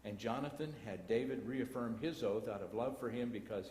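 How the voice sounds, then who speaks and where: In a church auditorium, a Texan-accented man reads scripture aloud during a Bible class, breaking off now and then for folksy remarks. He talks at a normal speed with a medium-pitched, darkish voice. The echoey church hall broadcast has a little hiss or hum.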